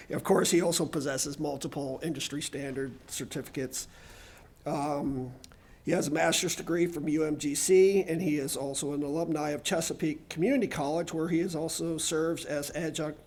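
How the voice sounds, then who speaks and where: A man's voice: a little high, vocal fry, a little mellow, slightly rough. A man introducing a guest speaker at a conference, stumbling and correcting himself as he reads. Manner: stumbling, self-correcting reading. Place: university lecture room.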